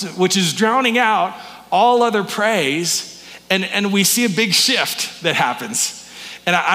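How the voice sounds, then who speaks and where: Male pastor, higher bright voice, chatty sermon full of questions to the room, long hall reverb. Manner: conversational, restarts words, asks the congregation questions. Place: church sanctuary.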